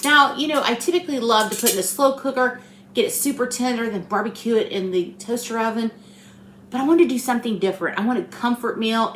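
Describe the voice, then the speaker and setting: A woman's voice: mid-range voice, sharp tone, echoey room, a little hiss or hum. A middle-aged woman, rambling and telling stories as she cooks at home for her vlog, tired after a long week. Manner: rambling, storytelling, talkative. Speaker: cooking channel host. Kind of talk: chatty home cooking vlog. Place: home kitchen.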